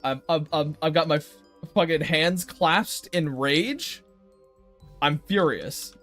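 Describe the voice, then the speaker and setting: Ranting, foul-mouthed streamer man, higher voice. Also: slow pace, fairly bright tone, soft background music. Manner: ranting, swearing, talks straight to chat. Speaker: artist streaming his drawing. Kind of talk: casual livestream chat.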